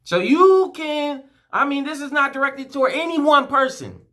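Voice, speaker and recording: A man's voice: very high-pitched, animated, moderate pace, bright, forceful tone. A sports fan vlogger, a man, giving a heated, profane and emotional rant, rambling and restarting his sentences. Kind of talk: ranting fan vlog.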